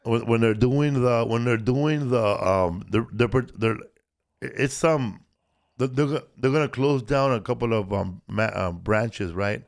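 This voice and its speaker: A man's voice: mid-range voice, unhurried, vocal fry. A man co-hosting a casual podcast, rambling and swearing with lots of restarts and fillers. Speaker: podcast co-host.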